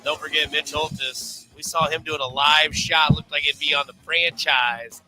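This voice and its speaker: A man's voice: fairly high pitch, steady tone, normal speed, sharp tone, faint music behind, poor audio. A man hosting a sports radio show, telling stories in a rambling, casual way with many fillers and restarts.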